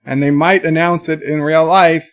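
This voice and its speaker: A man hosting a casual livestream, rambling through a story with animated outbursts and reading viewer chat aloud. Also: fairly high pitch, moderate pace. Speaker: live stream host.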